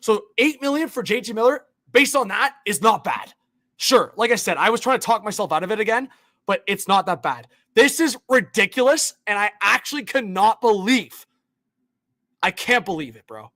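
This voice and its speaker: A man hosting a hockey livestream, ranting casually with slang and swinging between muttering and shouting in disbelief. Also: high-pitched, expressive, moderate pace, dry recording, studio quality. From Canada. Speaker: hockey YouTube livestream host. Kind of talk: live-stream hockey rant.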